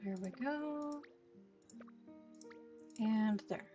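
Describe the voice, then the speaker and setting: A woman streaming a cozy game late at night, murmuring slowly to herself as she plays. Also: a little high. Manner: slow, murmured talk to herself. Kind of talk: casual gameplay commentary. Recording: faint background music.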